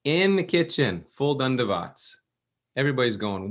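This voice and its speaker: A man giving a scripture class at a temple, telling a story with lively restarts and acted-out quotes. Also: mid-range voice, moderate pace. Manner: animated, restarts, acts out quotes.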